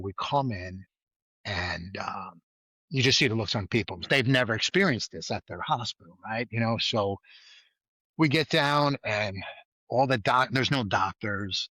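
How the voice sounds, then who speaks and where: A former state trooper telling a gripping personal story in a casual interview, animated and acting out the people in it. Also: male voice, fairly low pitch, no echo, poor audio. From New York. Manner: vivid, animated retelling with acted-out quotes.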